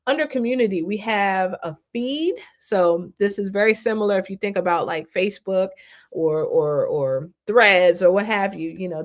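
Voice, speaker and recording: A woman hosting a live stream, walking viewers through a new online platform in a casual, upbeat, slangy way. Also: medium pitch. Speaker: host.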